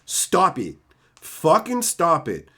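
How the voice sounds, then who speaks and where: A man streaming live, ranting loudly with constant swearing and insults, reading and mocking chat comments. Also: a little high, wildly swooping pitch, slow, slightly rough. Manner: loud, swearing, insulting rants; reads chat comments aloud and mocks them. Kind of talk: profane livestream rant.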